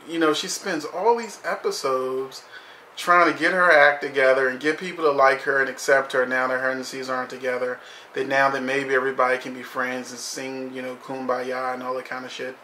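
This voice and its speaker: A man's voice: medium pitch, level tone, moderate pace, sharp tone, roomy sound, slight background noise. A man reviewing a TV episode in casual commentary, blunt and profane, saying "you know" constantly.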